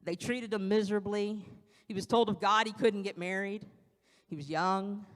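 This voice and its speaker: A woman's voice: medium pitch, steady tone, moderate pace. A woman giving an evening sermon in a conversational way, acting out quotes now and then, speaking into a pulpit microphone in a church sanctuary. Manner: conversational preaching with acted-out quotes. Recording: long church hall reverb.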